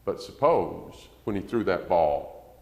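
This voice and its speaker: A man's voice: sits low, big pitch swings, slow, darkish tone. A man preaching a conversational sermon, acting out quotes and rising to emphasis. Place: church sanctuary. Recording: echoey church hall.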